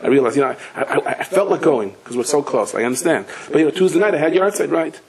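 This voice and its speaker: Rabbi spinning a story, acts out all the voices, mixed in. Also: male voice, on the high side, quick pace, husky, poor audio. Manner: animated storyteller, acts out quoted voices, cries out at climaxes. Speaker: rabbi giving a Torah class. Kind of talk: storytelling lecture.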